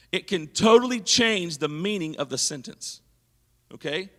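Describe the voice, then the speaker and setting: Give me a lively, bright-voiced man teaching a church audience. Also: high voice, in a large hall. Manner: engaging, asks the audience questions. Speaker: leadership seminar speaker. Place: church hall.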